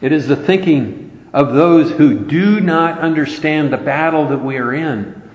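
A man's voice: fairly high pitch, a little slow. A man preaching a sermon, earnest and emphatic, quoting scripture throughout. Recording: roomy, dull lo-fi hall recording.

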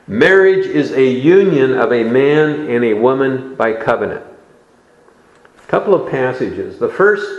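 Slow, deliberate male preacher in an echoey hall. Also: medium pitch, lo-fi sound. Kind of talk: sermon.

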